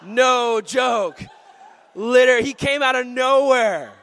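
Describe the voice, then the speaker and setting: A young man, a former youth pastor, telling comic faith stories in a self-mocking, animated way. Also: extremely high pitch, slow pace, vocal fry. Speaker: former junior high pastor. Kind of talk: comedic storytelling testimony.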